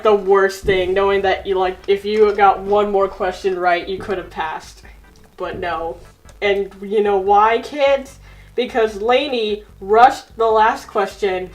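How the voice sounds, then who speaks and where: A woman's voice: medium pitch, rough recording. A young woman casually telling an improvised silly story, giggling and using lots of fillers. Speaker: co-host storyteller.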